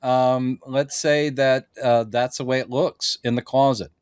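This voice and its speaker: A man's voice: medium pitch, steady tone, measured pace, smooth, no echo, clean studio sound. A middle-aged man hosting a casual podcast chat, rambling along with many fillers and restarts. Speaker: podcast host.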